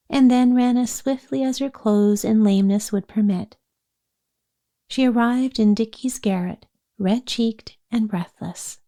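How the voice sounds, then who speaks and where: Woman narrator for a classic children's chapter book, mellow tone, gentle delivery. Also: a little high. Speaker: audiobook narrator. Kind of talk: storybook narration.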